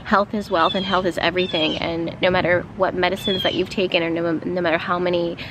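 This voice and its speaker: A woman giving a casual spiritual card reading outdoors, rambling a little with fillers and soft laughs. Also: on the low side, little pitch movement, a little fast, noisy background. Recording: outdoor ambience with passing vehicles. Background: outdoor ambience and vehicles.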